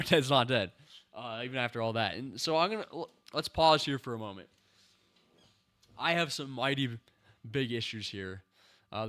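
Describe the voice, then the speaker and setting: Exasperated male reviewer, casual rant into his own mic, mid-range voice. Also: medium pitch. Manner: exasperated, animated ranting with slang. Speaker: show reviewer. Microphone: personal microphone.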